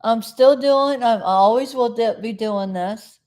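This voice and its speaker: A woman's voice: fairly high pitch, unhurried, darkish tone. A middle-aged woman from South Florida hosting a casual live stream, chatting in a meandering way and often losing her train of thought.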